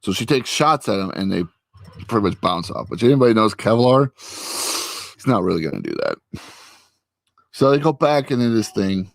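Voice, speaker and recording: A man with a fairly low, creaky voice swoops wildly in pitch, speaking at a moderate pace with long pauses in a dry recording. Sitting at a computer with a friend, this vlogger casually recaps a TV episode, rambling with many fillers and acted-out quotes.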